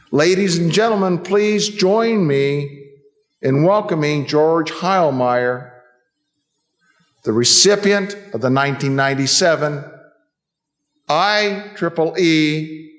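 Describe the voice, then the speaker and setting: Presenter guy reading a formal intro, kinda higher voice, long echo from the hall. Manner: measured, ceremonial delivery. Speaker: ceremony presenter. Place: large ceremony hall. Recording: long reverb of a large hall.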